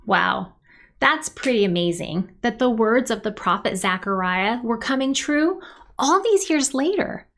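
A woman leading a children's worship service, telling a Bible story with lively sound effects and cheers for the kids to join. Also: on the high side, unhurried. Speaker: children's ministry leader.

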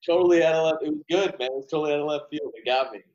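A man's voice: on the high side, very fast, darkish tone, echoey room, lo-fi sound. A man being interviewed about his own films, talking in a reflective, easygoing way and saying "you know" a lot. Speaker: filmmaker guest. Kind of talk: casual interview chat.

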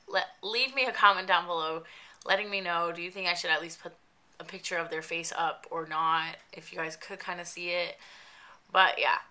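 A young woman chats loosely to her camera, with a stuffy nose giving her voice a slight rasp. Her tone is bright and a touch lower than most, and she rambles along with plenty of ums and "but yeah.". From New Jersey. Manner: chatty, rambling with many fillers. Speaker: makeup vlogger. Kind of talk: casual vlog update.

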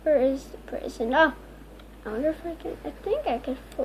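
A woman hosting gameplay commentary, talking excitably with frequent squealing exclamations. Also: high-pitched, brisk, muffled recording, a little hiss or hum. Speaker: gaming video host.

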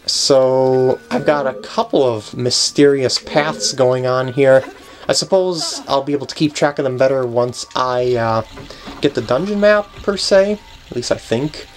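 A man hosting a let's play, giving casual gameplay commentary as he thinks aloud, often restarting sentences and chuckling. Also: mid-range voice.

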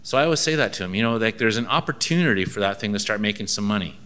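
A man with a low-leaning, bright and forceful voice gives a seminar, drifting into anecdotes. He acts out little exchanges with a dry, wry sense of humor. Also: animated, rapid-fire, a little hiss or hum. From Canada. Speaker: ministry inspector giving a seminar.

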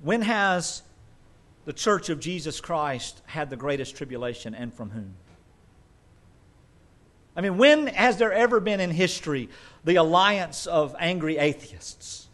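A man preaches with a fairly high voice. He drives his points hard and then drops into quick, dry asides. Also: lively intonation, fairly bright tone. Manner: emphatic preaching with asides and mock quotes. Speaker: pastor. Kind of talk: sermon.

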